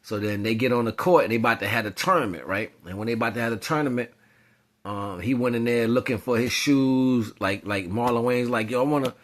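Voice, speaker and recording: A man giving a casual spiritual monologue, talking in loose slang and rambling off into animated storytelling. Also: medium pitch, a little fast. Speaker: spiritual commentator.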